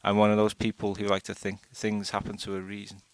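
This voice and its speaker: A man reading a first-person short story aloud in a steady, unhurried way. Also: fairly low pitch, clean tone, no echo. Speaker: audiobook narrator.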